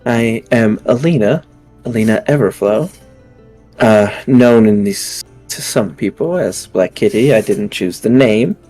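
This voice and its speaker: A man voicing a sultry, poised woman who runs the city's criminal underworld, speaking in a low, soothing, teasing voice during a tabletop game. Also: a little slow, mellow, faint music behind. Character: sultry woman crime boss, innkeeper. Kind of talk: tabletop role-play.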